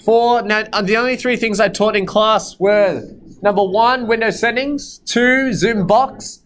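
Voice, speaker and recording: A high-voiced male maths teacher, explaining calculator steps to a classroom. He talks plainly and sometimes turns stern, scolding the students at length. Faint classroom noise hangs behind him. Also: measured pace, fairly bright tone, rough recording. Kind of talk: classroom lesson with calculator demo.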